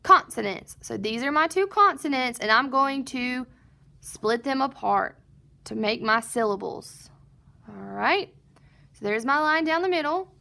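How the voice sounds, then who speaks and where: Woman teacher doing phonics for little kids, kinda high bright voice, asks herself is this a vowel, nope. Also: lively intonation, vocal fry. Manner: slow, patient, sounding out word parts; asks and answers her own questions. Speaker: first grade teacher. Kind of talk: recorded phonics lesson.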